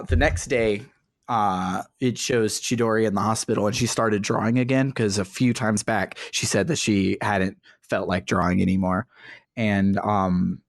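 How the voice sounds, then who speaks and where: A man's voice: on the low side, no room sound, clean studio sound. A man casually recapping a video game's story on a podcast, rambling with fillers and acting out quotes. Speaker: podcast host recapping a game. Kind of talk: casual chat.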